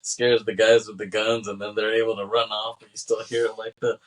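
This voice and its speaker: A man with a low, slightly husky voice talks through a film's plot in casual podcast chat. He rambles from beat to beat, putting on the characters' lines as he goes and laughing along. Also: little pitch movement, fairly quick, poor audio. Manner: rambling recap with acted-out quotes and laughs. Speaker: podcast co-host. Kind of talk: casual film discussion.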